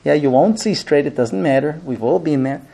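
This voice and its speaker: A man teaching grooms about marriage in a lively, humorous lecture, acting out bits of dialogue and using many fillers. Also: fairly high pitch, fairly quick, vocal fry. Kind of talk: lively lecture to a small class. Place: room with a live audience.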